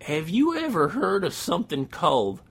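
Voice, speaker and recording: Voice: mid-range voice, huge pitch swings, normal speed, slightly rough, exaggerated voice. A performer voicing an eager hillbilly farmhand with a Southern accent. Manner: eager, hollering.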